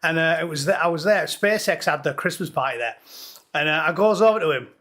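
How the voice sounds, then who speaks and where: A man chats casually and tells his story in a dry, blunt way, swearing without a second thought. His voice sits notably high for a man. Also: a little fast, fairly bright tone. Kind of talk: casual chat.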